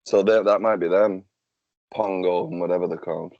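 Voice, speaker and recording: A man's voice: low-pitched, fairly even intonation, normal speed, vocal fry, a little mellow, dry recording, muffled recording. A man hosting a casual podcast chat, loose, sweary and joking. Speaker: podcast host.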